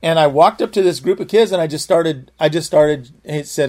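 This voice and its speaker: A man's voice: a little high, moderate pace, a little mellow. A man preacher telling a personal testimony in a sermon, earnest and full of restarts. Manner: earnest storytelling, frequent restarts.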